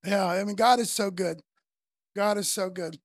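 A woman preacher giving a sermon in a chatty, animated way, acting out the voices she quotes. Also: mid-range voice, moderate pace, no echo, studio quality.

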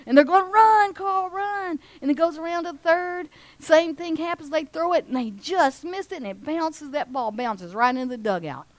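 A woman, preaching and telling a story with lively acted-out voices of a cheering crowd. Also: fairly quick, no room sound. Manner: animated, acts out cheering crowds in a high voice. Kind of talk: sermon storytelling.

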